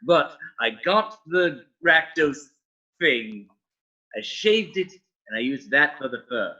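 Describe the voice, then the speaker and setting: A man at a tabletop game rambling through confident explanations. His voice is bright, husky and sounds distant, with dull sound. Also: fairly high pitch, expressive, takes it slowly. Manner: rambling, self-assured explaining. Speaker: player. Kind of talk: in-character play at a tabletop game.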